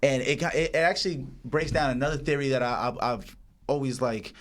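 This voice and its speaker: A young man from the Dominican Republic with a Dominican accent hosts a podcast. He tells stories in animated street slang and swears freely. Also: mid-range voice, a little fast. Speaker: podcast host. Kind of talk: casual chat, storytelling.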